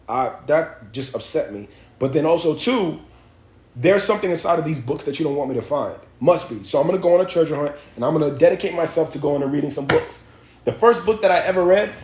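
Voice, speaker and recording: Speaking directly into his phone on a casual livestream, a young man from Miami tells a story with heavy emphasis, repeating phrases and swearing freely. His voice is a little high for a man and slightly mellow, he talks fairly quickly, and the room he's in is echoey.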